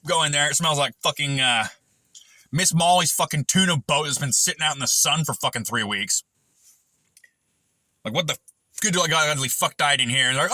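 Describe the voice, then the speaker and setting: A man's voice: fairly high pitch, moderate pace, pauses often, sharp tone, dry recording. A middle-aged man and machinist vlogger rambling in a crude, profane monologue, swearing constantly and jumping from one tangent to the next.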